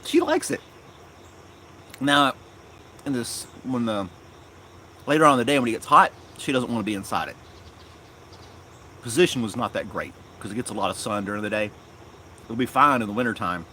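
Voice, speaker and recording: A man chatting casually on a live stream in his yard, rambling and unhurried, talking fondly to his dog. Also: medium pitch, bright, forceful tone, slight background noise. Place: outdoors in a yard.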